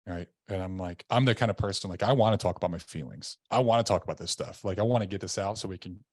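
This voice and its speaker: Deep-voiced man telling his story. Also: fast talker, a little mellow, dry recording, clean studio sound. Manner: earnest, conversational, recounting events in vivid detail. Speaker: podcast guest. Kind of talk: candid personal storytelling. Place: indoor room.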